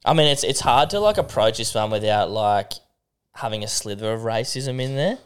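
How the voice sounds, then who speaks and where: Smooth-voiced podcast co-host. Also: male voice, mid-range voice, animated, normal speed. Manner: easygoing, swears freely. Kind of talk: casual podcast chat.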